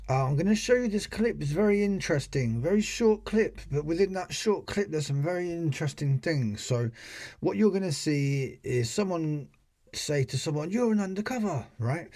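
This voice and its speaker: A British man talks viewers through a video clip in a casual, sarcastic commentary, tossing out rhetorical questions as he goes. His voice sits a little high for a man but sounds mellow and soft-edged. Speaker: channel host.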